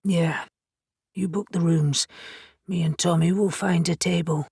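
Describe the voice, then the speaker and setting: A blunt shifter man who takes charge and speaks in quick orders, as a woman narrator plays him. He sounds husky and low, with a dry, close sound. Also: fairly even intonation, darkish tone, no room sound, heavily acted. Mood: brisk. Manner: brisk, commanding. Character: blunt, decisive male shifter leader.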